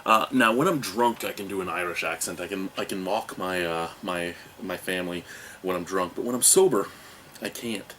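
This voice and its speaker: A man's voice: low voice, normal speed, sharp tone, slight background noise. A man in his thirties hosting a beer review from a home room, rambling in a jokey, self-mocking way. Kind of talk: casual video review. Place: home room with cartoon toys behind him.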